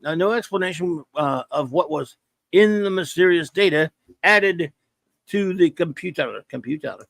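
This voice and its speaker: A man's voice: on the high side, lively intonation, moderate pace, gravelly, fairly bright tone, dry recording. A man hosting a casual live-stream review, rambling and joking as he reads viewer chat aloud. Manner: rambling, joking, stumbles over words. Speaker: show host reading viewer chat.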